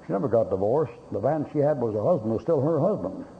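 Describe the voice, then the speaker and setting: A man's voice: mid-range voice, expressive, quick pace. A male pastor preaching a sermon, telling folksy stories with blunt humor and acting out both sides of conversations. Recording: dull lo-fi recording with faint hiss.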